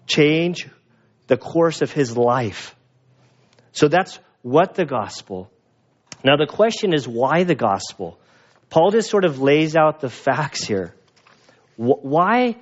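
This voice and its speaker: A male pastor preaching a sermon, slow and earnest, often restarting his phrases. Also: a little high. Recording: dull lo-fi sound.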